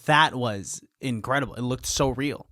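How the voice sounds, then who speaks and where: A man's voice: medium pitch, moderate pace, pushed and bright, no room sound, studio quality. A young man hosting a casual movie review chat, retelling scenes and laughing often. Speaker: podcast host.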